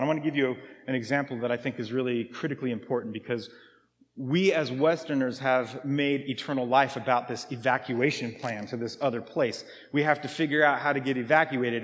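A man's voice: medium pitch, long reverb tail. A man giving a conversational sermon as pastor, who asks pointed questions and rises into emphatic peaks. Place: church.

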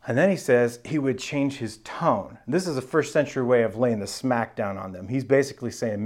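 A man's voice: mid-range voice, moderate pace, hardly any pauses. A man, a pastor, preaching a sermon in a casual, conversational Bible-teaching manner with slang.

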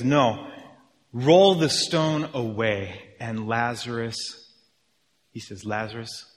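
A man preaching a sermon with lively energy, often acting out his listeners' reactions. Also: medium pitch, big-room sound. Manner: animated, acts out reactions of listeners. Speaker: pastor.

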